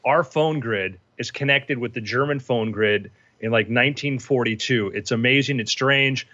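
A man voicing an excited male official on the phone, rambling in a rushed way. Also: medium pitch, highs cut off, lightly acted.

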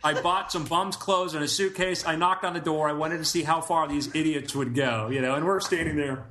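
A man's voice: a little high, fairly even intonation, fairly quick, bright, forceful tone, slight background noise. A man co-hosting a podcast, telling rambling stories in casual chat with frequent restarts. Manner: rambling storyteller, restarts often. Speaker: podcast co-host.

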